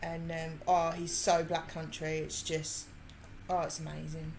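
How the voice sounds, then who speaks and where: A woman's voice: low-pitched, little pitch movement, a little slow, darkish tone, a little hiss or hum. A woman with a Birmingham accent, chatting casually and laughing while she works on a craft during a livestream. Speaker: livestream host.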